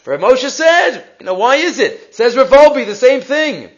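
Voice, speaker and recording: A man teaching a Torah class, reading Hebrew texts aloud and retelling stories with animated quotes. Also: extremely high pitch, moderate pace, muffled recording.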